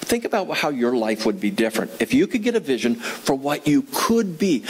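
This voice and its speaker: A man's voice: a little high, slight background noise, low-quality recording. Conversational male pastor preaching. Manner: conversational, asks the audience questions; repeats key phrases for emphasis. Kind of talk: sermon.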